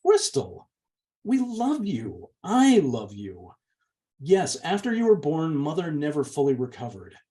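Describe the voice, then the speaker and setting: A man's voice: fairly high pitch, expressive, moderate pace, few pauses, dark tone, recorded from a distance, voice pushed up, close to an everyday voice. A man reading aloud, voicing a bold young woman who earnestly reassures her younger sister. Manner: earnest, insistent. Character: bold, strong-willed young woman, the older sister and narrator. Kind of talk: audiobook reading.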